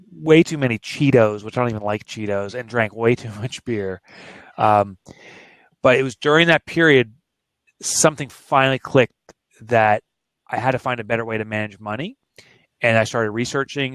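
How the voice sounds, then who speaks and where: A man's voice: medium pitch, fairly bright tone, clean tone, no room sound. Earnest man telling a personal story. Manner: earnest, emotional, plain-spoken. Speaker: author and guest. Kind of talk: candid personal story in an interview.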